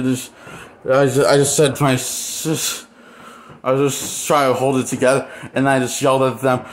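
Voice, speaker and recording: A man talking alone to camera in an unscripted monologue, halting and bitter, trailing off into pauses and then bursting out. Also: medium pitch, steady tone. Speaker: vlogger.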